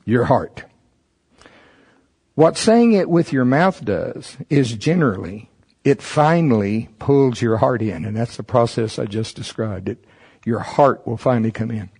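A man's voice: mid-range voice, animated, moderate pace, darkish tone, breathy edge. A man preaching a sermon, reading from a text and stopping to comment, rising emphatically on key words. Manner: reads a text aloud and stops to comment.

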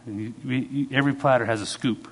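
A man preaching a sermon as a pastor, telling stories with sudden swings in pitch and loudness. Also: steady tone, quick pace, slightly rough.

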